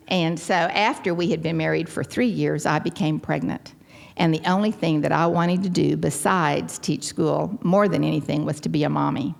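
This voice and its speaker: A woman's voice: deep voice, normal speed, vocal fry. An older woman from Texas with a Texan accent, giving a personal testimony at a recovery gathering and acting out the quotes in her story. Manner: animated storyteller, acts out quotes. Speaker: recovery meeting speaker. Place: large hall.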